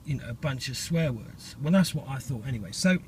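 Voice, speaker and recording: A man's voice: medium pitch, animated, brisk, darkish tone, a little hiss or hum. A middle-aged man, talking in a casual, rambling vlog monologue full of fillers and restarts.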